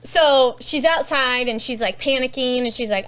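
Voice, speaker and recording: Smooth, high-voiced woman recapping a book. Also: slow, a bit bright. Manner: recaps the plot, acting out characters' lines. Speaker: podcast co-host. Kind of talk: casual book club chat.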